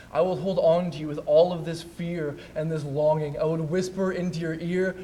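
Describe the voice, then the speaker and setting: A young man, a student, performing an emotional spoken word poem on a theatre stage, building to loud, intense peaks. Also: a little high, low-quality recording. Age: young adult. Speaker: student speaker.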